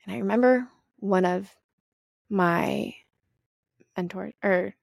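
A young woman hosts her own podcast, telling stories about herself in a frank, animated way, with swearing mixed in. Her mid-range voice has a gravelly, fried texture. The recording is dry and close, with no room sound. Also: medium pitch, slow pace, no room sound. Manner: candid, profane, animated storytelling. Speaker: podcast host. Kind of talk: casual solo podcast monologue.

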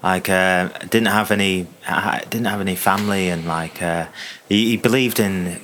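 A man's voice: low-pitched, fairly even intonation, normal speed, fairly bright tone, a little hiss or hum. A man co-hosting a comedic chat, rambling with many fillers and restarts. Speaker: podcast co-host.

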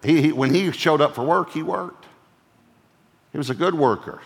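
A male pastor preaching a sermon in an animated way, acting out quoted lines in playful voices and often laughing as he talks. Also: a little high, moderate pace, gravelly, slightly rough, in a large hall.

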